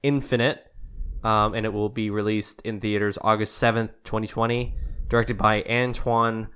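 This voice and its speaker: A man hosting a podcast in casual chat, easygoing and quick to laugh, reading out news items with many fillers. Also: fairly low pitch, flat delivery, fairly bright tone, clean tone. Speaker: podcast host.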